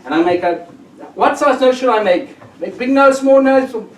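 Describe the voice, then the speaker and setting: A high-voiced man works a theatre crowd as a comedy magician, playful and teasing, his pitch bouncing all over. He sounds far from the mic, and the hall echoes around him. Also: animated, normal speed. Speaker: magician performing on stage. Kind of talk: comedy magic act with audience banter. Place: theatre stage before an audience. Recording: roomy echo from far off.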